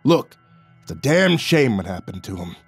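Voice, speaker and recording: A man voicing a heavy-set, gruff middle-aged boss who talks bluntly and coarsely. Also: medium pitch, very animated, moderate pace, no echo, faint music behind, full character voice.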